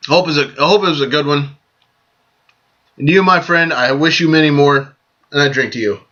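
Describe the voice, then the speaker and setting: A man hosting a casual vlog, giving friendly, joking birthday shout-outs to friends and often repeating himself as he goes. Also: a little high, a little fast. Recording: dull lo-fi sound.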